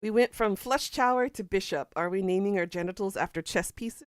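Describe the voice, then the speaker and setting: A woman's voice: medium pitch, a little fast, smooth, no room sound, studio quality. A woman streamer in casual live-stream chat, playful and bawdy, reading out chat quotes and laughing along. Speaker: game streamer.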